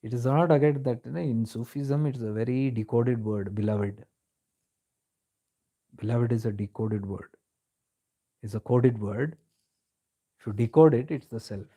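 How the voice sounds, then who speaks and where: A man's voice: mid-range voice, moderate pace, long pauses, warm tone. A man giving a reflective spiritual discourse, telling stories in a conversational way and slipping into Hindi phrases. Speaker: spiritual teacher.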